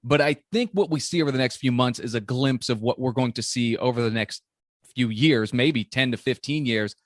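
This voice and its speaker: A man's voice: mid-range voice, no echo. Ohio guy hosting a sports podcast, wired and chatty, dry close sound. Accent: Central Ohio. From Zanesville, Ohio. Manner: fast, excitable, self-deprecating. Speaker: podcast host. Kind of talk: casual sports interview.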